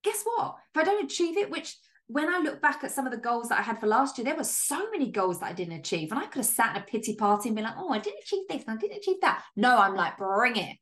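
A woman's voice: a little high, very animated, quick pace, few pauses, fairly bright tone. A woman hosting a solo business podcast, talking in an upbeat, emphatic way, with casual swearing and lots of "like". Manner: chatty with frequent "like" and laughs. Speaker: podcast host and business coach.

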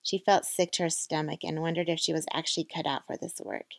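A woman's voice: deep voice, flat delivery, a little fast, creaky, dry recording. A woman hosting a podcast, narrating a book and reading passages aloud in a heartfelt way. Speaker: podcast host.

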